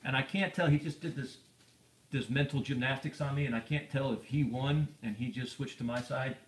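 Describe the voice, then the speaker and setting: A man's voice: medium pitch, brisk. A man hosting a casual live stream, rambling and reading viewer comments aloud. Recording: echoey room, faint noise.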